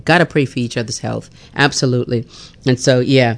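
A woman's voice: rumbling low, fairly even intonation, fairly quick. A middle-aged woman hosting a chatty radio show, laughing often between prayers and callers. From Bermuda. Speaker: radio host. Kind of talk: casual radio chat and prayer.

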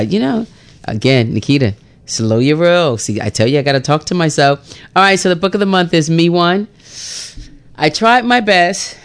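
A woman's voice: deep voice, animated, fairly quick. A woman hosting a radio book club hour, chatting casually, laughing often and acting out little voices.

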